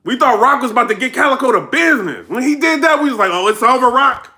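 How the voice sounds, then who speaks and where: A man with a strikingly high, tense voice gives a casual vlog rundown of the action, talking in slang and slipping into imitations of the people involved. The room around him is hard and echoey. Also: fast. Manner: animated storytelling, slangy, mimics people he describes. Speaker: battle rap commentator.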